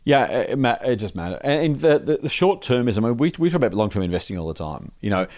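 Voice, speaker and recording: A man's voice: medium pitch, sing-song, fast, a little mellow, dry recording, clean studio sound. A man co-hosting a finance podcast, chatting casually and animatedly, slipping into quoted voices. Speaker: podcast co-host. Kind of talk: casual chat.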